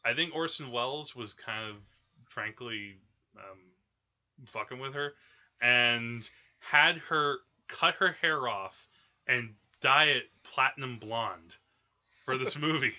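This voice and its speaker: Over lo-fi audio, the podcast host discusses old movies slowly in a mid-range, sharp-toned voice, rambling casually and restarting often amid plenty of fillers.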